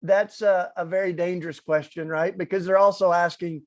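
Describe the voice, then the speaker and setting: A man with a strong Southern US accent speaks in an earnest, deliberately slowed preaching style, as a guest at an evening event. His voice sits fairly high for a man. The sound is dry and close, with little room echo. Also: fairly even intonation. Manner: earnest, slowed on purpose, reading scripture aloud. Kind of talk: sermon-style talk. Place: event hall.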